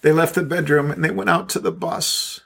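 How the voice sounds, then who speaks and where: Pastor guy preaching and praying, raspy low rumble, fairly high pitch, earnest repeating refrain. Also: normal speed, a bit bright. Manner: fervent, repetitive prayerful cadence. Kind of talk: podcast sermon and prayer.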